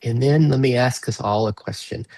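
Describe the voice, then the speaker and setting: A man leading an online workshop over a video call, asking slow, gentle, inviting questions and now and then breaking into playful bursts. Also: medium pitch, dry recording, low-quality recording. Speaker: workshop facilitator. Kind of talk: guided reflective workshop talk.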